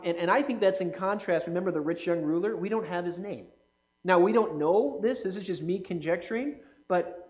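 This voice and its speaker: A man with a high, light voice preaching in a relaxed, conversational way. He keeps asking his listeners questions and acts out the characters' lines in quick bursts. His tone shifts between bright and hushed as he teaches. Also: rough recording. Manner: animated, asks the audience questions, acts out quotes. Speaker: pastor or Bible teacher. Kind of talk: conversational sermon. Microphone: speaking to a live group, slide on screen.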